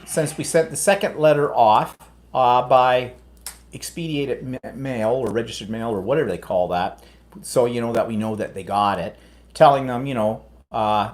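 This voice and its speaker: A man co-hosts a relaxed live chat, wandering from one thought to the next. He is chatty and teasing, and his voice sits in an ordinary middle pitch. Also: moderate pace. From United States. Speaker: co-host. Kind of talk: casual chat.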